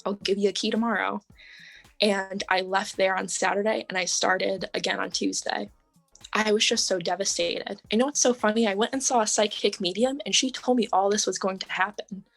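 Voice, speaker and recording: A young woman talks as a podcast guest, chatting through her story in a loose, casual way. Her pitch sits in the ordinary middle range for a woman. She fills her speech with "like" and "um" and laughs lightly as she goes. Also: fairly even intonation, a little fast, creaky, faint music behind. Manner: chatty, lots of "like" and "um", laughs often.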